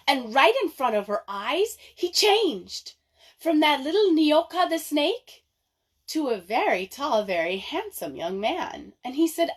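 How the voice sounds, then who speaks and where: A woman telling a folk tale aloud to children in an expressive, dramatic way. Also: sits high, slow pace. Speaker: librarian storyteller. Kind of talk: children's storytelling.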